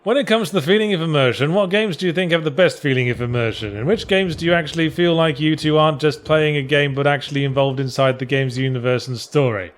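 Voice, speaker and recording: A man's voice: a little high, fast talker, few pauses. Dry, rambling man. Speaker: let's play host. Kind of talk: casual gaming commentary chat.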